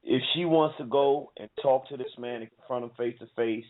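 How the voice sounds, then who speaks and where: A man hosting a call-in radio show, talking to callers in a calm, plain-spoken way. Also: medium pitch, moderate pace, narrow, tinny audio. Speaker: radio host.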